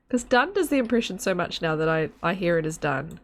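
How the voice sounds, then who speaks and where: A woman's voice: fairly low pitch, big pitch swings, fairly quick. A woman streaming a game, chatting in a rambling, giggly, casual way to her viewers and a friend. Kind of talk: casual live-stream chat while gaming.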